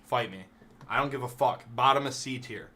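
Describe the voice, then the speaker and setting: Bright-voiced man on a profane rant. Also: mid-range voice, moderate pace. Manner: profane, emphatic, mock-outraged. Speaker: live streamer. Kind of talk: casual ranking rant.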